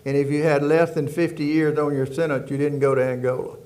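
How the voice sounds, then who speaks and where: An older man from Louisiana, a former prison warden with a rural Southern accent, is a guest in a storytelling interview. His voice is on the high side, brisk and darkish, with fairly even intonation, and he rambles folksily, often circling back with "anyway."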